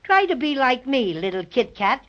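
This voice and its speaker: A woman voicing a small, boastful stuffed bear in a 1930s radio drama, chirpy and quick to panic. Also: sits high, sing-song. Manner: chirpy, brags then panics. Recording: dull lo-fi old radio recording.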